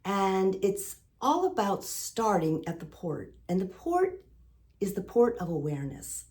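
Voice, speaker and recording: A woman's voice: medium pitch, very animated, unhurried, darkish tone. A middle-aged woman vlogging a heartfelt motivational monologue, earnest and emotional, repeating phrases for emphasis. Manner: earnest, emotional, full of sailing metaphors. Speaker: lifestyle vlogger.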